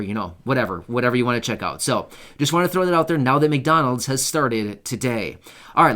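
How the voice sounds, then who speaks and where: A man's voice: medium pitch, fairly bright tone. A man hosting an online channel, talking casually to his viewers with lots of asides and "right?" check-ins. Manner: chatty and informal, many fillers and asides, checks in with "right?". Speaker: YouTube host covering benefits news. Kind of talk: casual talk to camera.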